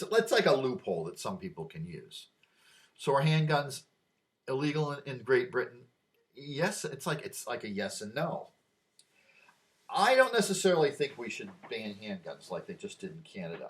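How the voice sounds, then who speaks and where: A man's voice: medium pitch, very animated, moderate pace. An older man vlogging a rambling opinion monologue, drifting off on asides and growing emphatic when he argues a point. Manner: easily distracted, wandering asides.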